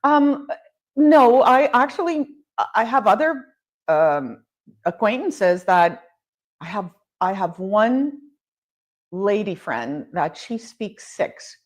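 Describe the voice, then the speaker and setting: Woman in her 50s, guest on a chat show, tells stories with lots of laughs, middle-pitched voice. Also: slow pace. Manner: animated storyteller, laughs often. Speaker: luxury home builder, guest. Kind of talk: casual interview chat.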